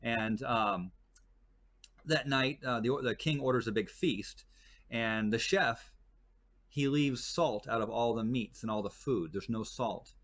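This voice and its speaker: A man's voice: medium pitch, measured pace, fairly bright tone. A man talking casually as a guest on a show, his voice sitting in the middle range for a man. He rambles and restarts his sentences often, piling up fillers while he tells stories. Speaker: guest, desert tour guide. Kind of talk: casual chat.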